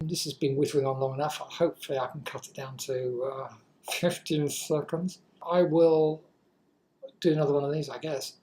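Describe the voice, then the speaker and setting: A woman's voice: low voice, a little mellow, slight background noise, poor audio. A woman in her sixties with an English accent, vlogging in a rambling, self-deprecating way and swearing freely. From England. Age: 60s. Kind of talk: casual talk to camera.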